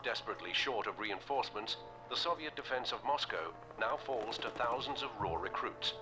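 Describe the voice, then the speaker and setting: A man giving a grave, measured scripted narration for a war game's opening. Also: mid-range voice, animated, lightly acted, rough recording. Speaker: game intro narrator. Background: music.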